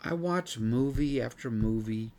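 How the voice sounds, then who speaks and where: A man's voice: mid-range voice, measured pace, darkish tone, slight background noise. A man teaching a Bible study class in an earnest way who gets worked up and says he is losing his voice.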